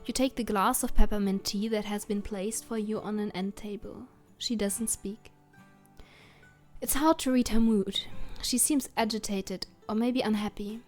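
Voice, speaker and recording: A woman's voice: mid-range voice, steady tone, a little slow, darkish tone, faint music behind. Woman reading a game aloud. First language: German. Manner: reads narration steadily, adds German asides. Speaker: let's player.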